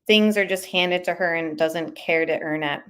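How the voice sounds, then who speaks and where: A woman's voice: on the low side, moderate pace, fairly bright tone, smooth. A woman hosting a live commentary stream in a casual, opinionated, conversational way, reading viewer comments aloud as she goes. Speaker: commentary channel host.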